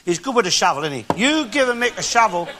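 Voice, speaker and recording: Loud old London bigot, high lively Cockney rant, heavy tape hiss. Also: male voice, quick pace. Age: older. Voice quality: blustering, crude, opinionated ranting. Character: bigoted loudmouthed old working-class Londoner. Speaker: comic character in a one-man stage show. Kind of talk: stand-up comic monologue with audience banter. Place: theatre stage before a live audience.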